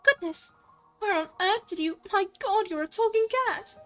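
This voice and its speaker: Lady doing a flustered little girl voice, extra high and exclaimy, faint music. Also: normal speed. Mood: startled. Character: startled, flustered young girl.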